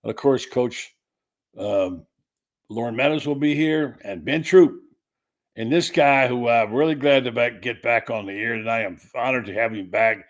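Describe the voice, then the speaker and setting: A man's voice: mid-range voice, normal speed. A man hosting a sports talk show, chatting in a loose, rambling, self-deprecating way. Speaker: show host.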